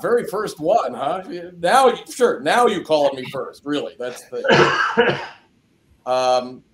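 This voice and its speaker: A man on a video call panel, casually telling a funny memory with hesitations and restarts. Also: mid-range voice. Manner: hesitant, laughing, lots of restarts.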